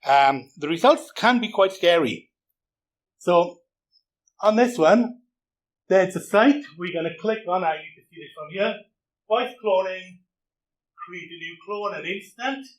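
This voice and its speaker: A man's voice: high-pitched, animated, measured pace, pauses often. A man giving a chatty, joking conference talk with a live demo in a hall. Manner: chatty, joking, self-deprecating. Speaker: conference speaker.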